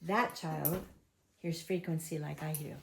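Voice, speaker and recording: A woman's voice: low-pitched, steady tone, a little slow, creaky, a little hiss or hum. An older woman giving a chatty, emphatic Bible lesson to a small home congregation, asking them questions as she goes. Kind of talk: informal Bible teaching. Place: home gathering room. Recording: echoey room.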